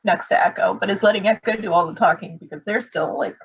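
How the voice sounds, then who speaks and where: A woman playing a tabletop game, describing her character in a quiet, understated way. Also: medium pitch, fast, vocal fry, few pauses, husky, muffled recording. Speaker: player. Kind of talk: tabletop role-play chat.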